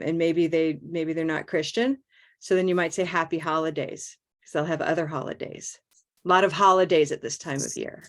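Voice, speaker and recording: A woman teaching an online English pronunciation class, encouraging and checking in with "okay?" as she goes. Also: lowish voice. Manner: warm, checks in with frequent "okay?".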